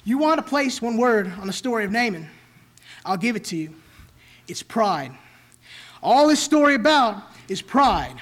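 A male preacher delivering a sermon in a very high voice. He drives each point home with emphatic, repeated rhetorical lines. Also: fairly bright tone.

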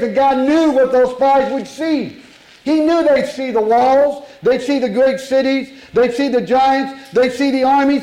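A man's voice: sits high, mellow, echoey room, poor audio. A man preaching a sermon to a congregation, emphatic and full of rhetorical questions.

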